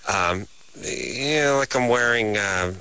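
A middle-aged man co-hosting a radio show, talking in a wry, deadpan, rambling way with lots of fillers. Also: lowish voice, takes it slowly, gravelly, smooth. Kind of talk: casual late-night radio banter.

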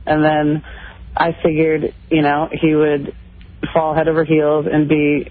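A woman's voice: low voice, monotone, unhurried. A woman calling in to a radio show, hesitant and filler-heavy as she talks. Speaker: caller. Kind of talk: call-in radio conversation. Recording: tinny phone line.

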